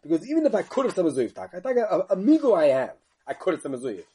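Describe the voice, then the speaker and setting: Speaking in a high, husky voice, a man teaches Talmud in yeshiva lecture fashion. He's animated, chanting in a sing-song study cadence, with fast asides and questions posed for effect.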